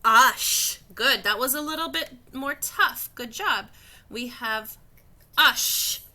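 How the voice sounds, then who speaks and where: A woman's voice: a little high, slow, pushed and bright. A woman teaching a phonics lesson to young children, patient and encouraging, stretching out each sound.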